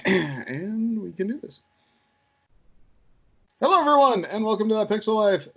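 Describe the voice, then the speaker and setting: Animated storytelling male podcast host. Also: sits high. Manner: animated storyteller, acts out quotes. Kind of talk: casual chat.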